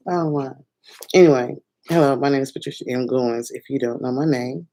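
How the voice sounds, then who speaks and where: A woman chatting excitedly on her first livestream from home at night, rambling and laughing, with sudden bursts of squealing joy. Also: a bass voice, brisk, low-quality recording. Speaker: filmmaker and singer doing her first livestream. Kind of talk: casual excited livestream chat.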